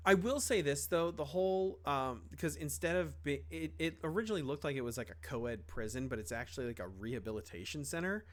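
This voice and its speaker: A man's voice: fairly high pitch, animated, brisk, few pauses. Rambling young man in casual chat. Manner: rambling, lots of fillers and restarts, swears casually. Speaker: podcast co-host.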